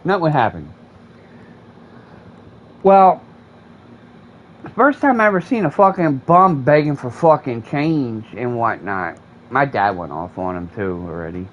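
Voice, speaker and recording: A man, a gaming streamer, rambles through a profane story in loose, animated chat. His voice sits mid-range for a man. A dull, lo-fi mic carries it over a faint hum of air conditioning. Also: medium pitch, measured pace, long pauses. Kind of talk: casual storytelling while playing.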